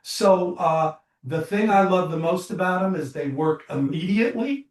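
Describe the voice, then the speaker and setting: A man, a psychologist and author, telling stories in an interview, animated and full of fillers and restarts. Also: high voice, moderate pace, roomy sound, recorded from a distance. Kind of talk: interview storytelling.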